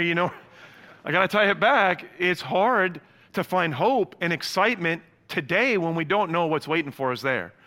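Bright-voiced male pastor in reverberant hall. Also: high voice. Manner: lively storytelling with humor, casual asides. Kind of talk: sermon.

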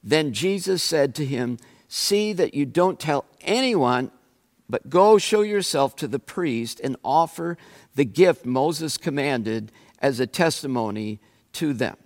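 A male pastor delivers a sermon at an unhurried, measured pace. His voice sits somewhat high, and he drives home his points with emphatic, searching questions. The sound carries a long reverb, as in a large sanctuary. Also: lively intonation. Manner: slow, emphatic preaching with rising questions.

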